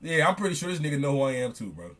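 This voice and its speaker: A young man, reacting on stream in loud, excitable, slangy commentary that keeps repeating itself. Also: a little high, racing, a little hiss or hum. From Chicago. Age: young adult.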